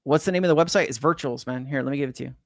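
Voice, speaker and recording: Talking at a racing pace in a mid-range voice, a middle-aged Californian hosts a crypto livestream from his Hawaii home, captured in a dry, clean studio recording. He casually reads out viewer comments, his easygoing banter loaded with slang, swearing, "man," and "bro."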